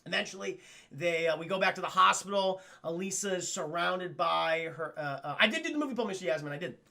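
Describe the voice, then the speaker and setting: A man streaming an animated, profane episode recap to his chat. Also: sits high, fairly quick, creaky. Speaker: streamer and cartoon reviewer.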